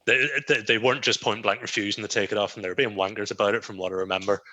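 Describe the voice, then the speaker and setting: Bright-toned Northern Irish man. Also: on the low side, fairly even intonation, highs cut off. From Northern Ireland. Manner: halting, sweary storytelling with restarts. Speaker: podcast co-host. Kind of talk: casual chat.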